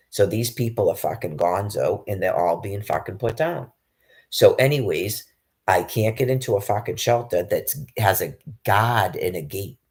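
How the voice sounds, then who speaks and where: A low, gravelly man rants on and on, swearing constantly and breaking off mid-sentence to restart. He talks in a rambling, agitated monologue about life without a home. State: homeless. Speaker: public access show guest.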